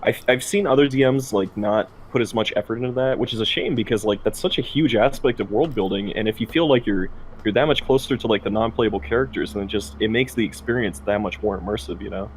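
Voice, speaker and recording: Relaxed lower-voiced male co-host. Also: quick pace, slight background noise, rough recording. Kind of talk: casual chat about tabletop games.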